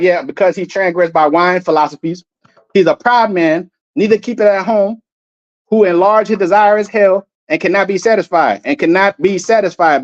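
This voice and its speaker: A street preacher with a high-pitched voice rails fiercely over video clips, and the recording sounds muffled. He swears freely and often, and he keeps stumbling over words, repeating and restarting them in his heated, profane rant.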